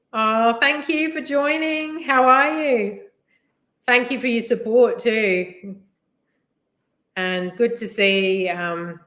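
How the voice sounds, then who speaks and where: Speaking at a medium pitch with a fairly bright tone, this middle-aged English woman from the West Midlands chats on her live stream in a meandering way, full of "like" and "you know." She works as a delivery driver, and the room gives her voice an echo.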